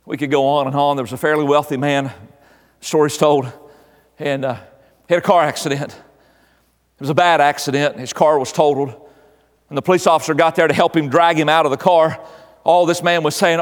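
A man's voice: on the high side, steady tone, a little fast, long pauses, long reverb tail. An older man preaching a sermon as pastor, his delivery swelling and dropping in volume. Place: church.

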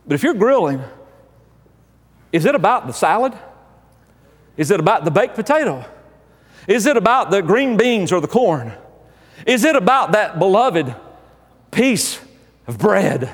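Male pastor with a high voice, comic sermon, emphatic and animated, long hall reverb. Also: measured pace, pauses often. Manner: animated, emphatic, building to exasperated outbursts. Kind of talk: humorous sermon storytelling.

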